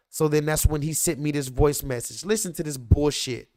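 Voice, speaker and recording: A man hosting a livestream, telling a story in animated, profane rants to his viewers. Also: a little high, brisk, hardly any pauses. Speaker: livestream host. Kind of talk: casual livestream commentary.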